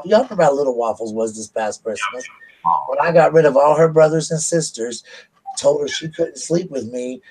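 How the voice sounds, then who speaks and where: A man's voice: mid-range voice, a little mellow, husky, rough recording. A man, casually telling stories on his vlog and laughing at them. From United States. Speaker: vlogger. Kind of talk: casual storytelling.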